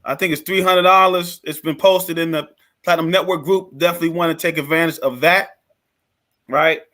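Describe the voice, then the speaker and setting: A man co-hosting a business livestream, chatting in a relaxed, conversational way. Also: fairly high pitch, fairly quick. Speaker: co-host. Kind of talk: casual livestream chat.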